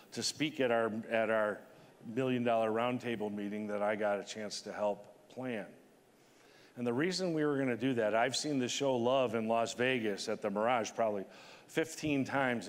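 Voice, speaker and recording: Emphatic man in his sixties, hall reverb. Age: 60s. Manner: emotional, emphatic, rising to high pitch at peaks. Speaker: conference keynote speaker. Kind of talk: motivational keynote speech. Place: large conference hall.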